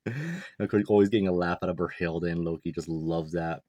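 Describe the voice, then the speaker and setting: A man's voice: low-pitched, steady tone, fast, a little mellow, no echo, highs cut off. A young man casually breaking down a manga chapter, rambling and chuckling, full of "like" and "you know". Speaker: manga reviewer.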